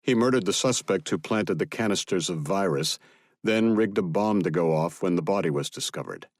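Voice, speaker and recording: A man's voice: low-pitched, normal speed, no echo, clean studio sound. A man voicing a blunt sergeant major who is firm, businesslike and insistent. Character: blunt American command sergeant major, pushy.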